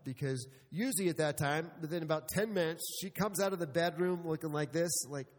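Middle-aged male pastor, high voice, humorous storyteller, church hall reverb. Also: a little fast. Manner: storytelling with humor, addressing the congregation. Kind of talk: sermon.

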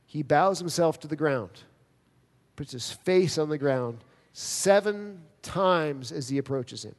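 A man preaching a sermon as pastor, earnest and emphatic, with dramatic pauses. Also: a little high, lively intonation. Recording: long reverb of a large hall.

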